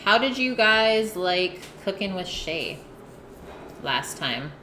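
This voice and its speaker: A woman's voice: medium pitch, sing-song, takes it slowly, bright, forceful tone. Chatty woman streaming a meal, roomy sound. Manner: chatty, talks between bites, reads chat aloud. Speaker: live-stream cooking host. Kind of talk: casual chat with viewers while eating. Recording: roomy, noisy home stream audio.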